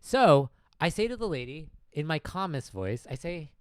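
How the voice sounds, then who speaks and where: A man with a fairly high voice tells a funny story in an animated way, laughing often. The recording is dry and close, with no room echo. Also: moderate pace, hardly any pauses, clear, resonant tone. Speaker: podcast host. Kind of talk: casual comedic storytelling.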